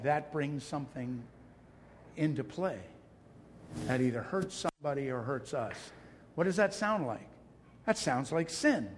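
A male pastor delivering a sermon, passionate and emphatic, with self-deprecating asides. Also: mid-range voice. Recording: long hall reverb.

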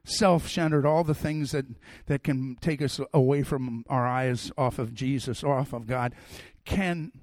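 A middle-aged man preaching a sermon, telling personal stories in an animated way that swings from loud to soft. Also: mid-range voice, unhurried, hardly any pauses, no echo, clean studio sound. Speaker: pastor.

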